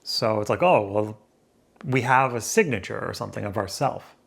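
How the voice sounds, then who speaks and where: A man's voice: lowish voice, lively intonation, moderate pace, vocal fry. A man vlogging indoors to a camera, rambling and questioning himself as he thinks aloud. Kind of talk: musing casual monologue. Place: indoors by a window. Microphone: camera facing him.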